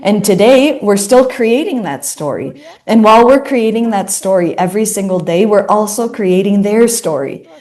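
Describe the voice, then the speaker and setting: A woman's voice: medium pitch, lively intonation, moderate pace, a little mellow. A woman in her thirties giving an earnest inspirational talk, repeating phrases for emphasis. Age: 30s. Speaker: speaker.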